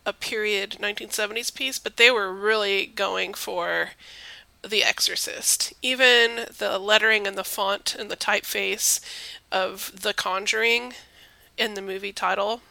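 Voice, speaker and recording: Gravelly, bright Southern woman co-hosting. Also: mid-range voice, a little slow, no echo. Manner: lively, playful, talkative. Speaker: podcast co-host. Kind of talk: casual film review chat.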